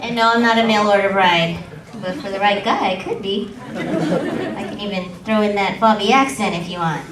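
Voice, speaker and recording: A woman from the Philippines with a high, squeaky voice, doing a bawdy, playful stand-up set on a comedy club stage. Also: normal speed, recorded from a distance, noisy background. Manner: bawdy, playful, crowd-teasing. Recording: echoey club recorded from afar, crowd laughter.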